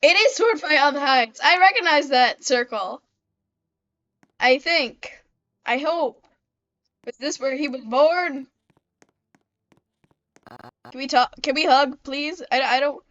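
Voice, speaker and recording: A woman's voice: sits high, slow, pauses often, fairly bright tone, muffled recording. A woman giving let's-play commentary, chatty and talking back to the game characters as she plays. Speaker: gamer.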